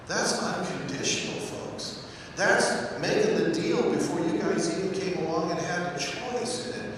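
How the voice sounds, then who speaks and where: Male pastor, conversational sermon, slightly high voice, distant mic in a reverberant sanctuary. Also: measured pace, a little hiss or hum. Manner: conversational, joking, addresses the congregation directly. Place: church sanctuary. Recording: echoey church hall, mic at a distance.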